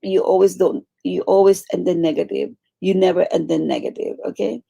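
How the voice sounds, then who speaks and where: A woman teaching a meditation class, coaching her students gently and repeating phrases for emphasis. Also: on the low side, fairly quick, gravelly, husky, dull audio. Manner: warm coaching, repeats phrases, acts out quoted pleas.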